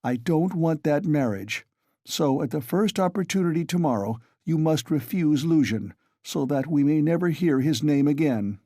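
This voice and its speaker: A man's voice: on the high side, expressive, moderate pace, warm tone, no echo, studio quality, pitched above the performer's own voice. A man voicing a feverish, irritable young man who snaps and insists. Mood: insistent. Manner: snapping, insistent.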